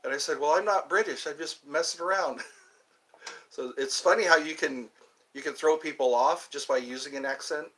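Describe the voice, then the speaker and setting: A US livestream host in his fifties rambles on, breaking off into asides and starting over. At a moderate pace, his higher-pitched voice comes across pushed and bright, and the recording is rough.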